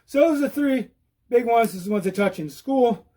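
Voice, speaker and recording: A man giving an animated, repetitive how-to talk while riding outdoors, out of breath. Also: extremely high pitch, moderate pace. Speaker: e-bike vlogger. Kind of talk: casual instructional talk.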